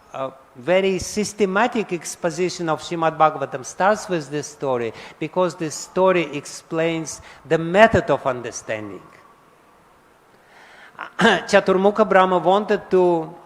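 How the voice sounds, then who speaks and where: Male spiritual lecturer, fairly high voice, in a big echoing hall, asks the room questions. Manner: asks audience questions and answers them, chuckles often. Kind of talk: scripture lecture. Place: large temple hall. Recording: long hall reverb.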